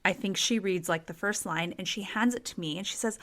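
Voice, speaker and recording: Woman, true crime podcast host, chatty, expressive, filler-heavy, middle pitch. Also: a little fast.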